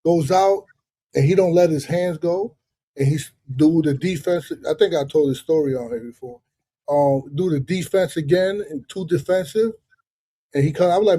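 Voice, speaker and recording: A fairly high-pitched man with a husky, mellow tone. He hosts a live boxing chat, swearing freely and spinning animated stories with plenty of fillers and restarts. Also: moderate pace. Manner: animated, profane storytelling with many fillers. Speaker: live show host. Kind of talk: casual storytelling chat.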